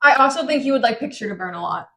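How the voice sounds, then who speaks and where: A young woman from Miami, co-hosting a podcast, retelling a book's chapters in an animated, jokey way. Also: a little high, very fast, gravelly, slight background noise, low-quality recording. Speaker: podcast co-host summarizing chapters. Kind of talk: casual chat.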